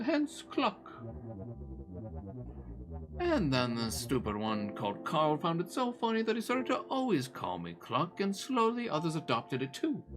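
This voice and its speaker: A man voicing a grumpy cat with tangled fur, complaining in a sing-song way, over game music. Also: on the high side. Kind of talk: voice-acting a visual novel on stream. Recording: music playing behind.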